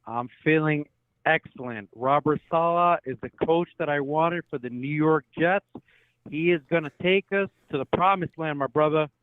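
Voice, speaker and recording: A man calling in to a fan show, calm and confident, heard over a phone line. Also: a little high, moderate pace, no room sound. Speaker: caller. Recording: tinny dry phone line.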